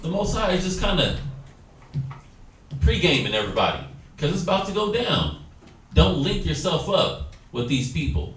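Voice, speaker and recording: Animated preaching man in an echoey room. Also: a little high, normal speed, pauses often. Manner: animated, exhorting, acts out quoted dialogue. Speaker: Bible class teacher. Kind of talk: preaching Bible study. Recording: echoey room, distant mic, faint noise.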